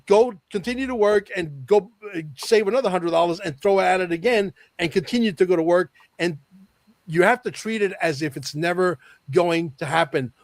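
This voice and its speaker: A man's voice: high-pitched, normal speed, no echo. Emphatic man with a dry close sound. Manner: emphatic, repeats key phrases, confident predictions. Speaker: podcast guest. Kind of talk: casual podcast conversation.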